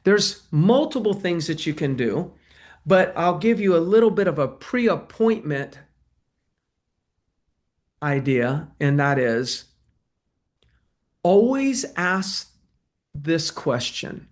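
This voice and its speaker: A man teaching agents how to win listings, lively, and he acts out both sides of a talk with a client. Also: a little high, takes it slowly, long pauses. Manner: energetic, acts out client dialogue. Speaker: real estate trainer. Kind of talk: sales training talk.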